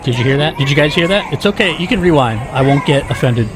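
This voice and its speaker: A man's voice: on the high side, expressive, fast talker, a crowd in the background. A man chatting to viewers as he walks a busy city street, filming a casual tour vlog. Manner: chatty, talks to viewers while walking. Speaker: walking tour vlogger. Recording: street noise behind. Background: city street ambience.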